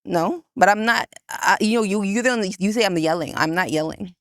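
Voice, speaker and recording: A woman co-hosting a casual podcast who gets excited and emotional as she argues back. Her voice sits at a middle pitch. The sound is close and dry. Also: a little fast, no room sound. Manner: animated, excitable, pushes back hard. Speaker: podcast co-host. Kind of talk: casual argumentative chat.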